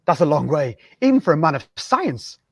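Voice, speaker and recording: A man's voice: fairly high pitch, very animated, normal speed, creaky, no room sound, exaggerated voice. A man reading a film scene aloud, voicing an earnest young male scientist. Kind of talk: reading a film scene over a video call.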